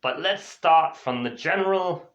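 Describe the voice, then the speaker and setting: A man who lives in Spain teaches an English class in a lively, chatty manner, a little slowly. He explains a role-play exercise and says the example phrases in a higher pitch. The recording is dull and lo-fi.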